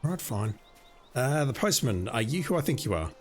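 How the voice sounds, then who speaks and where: A hoarse man streaming a game, making wry, profane asides in casual commentary. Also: medium pitch, very animated, brisk, faint music behind. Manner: wry, profane asides between reading quest text.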